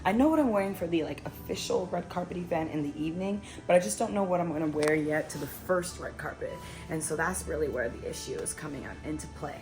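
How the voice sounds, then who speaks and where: A woman's voice: deep voice, quick pace, hardly any pauses, distant mic. Chatty young woman, off-mic in an echoey room. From Maryland, USA. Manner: chatty and upbeat, with many fillers. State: tearful, fighting back crying. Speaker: travel vlogger. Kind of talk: casual vlog talk to camera. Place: hotel room, indoors. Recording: echoey room, voice slightly off-mic, music behind.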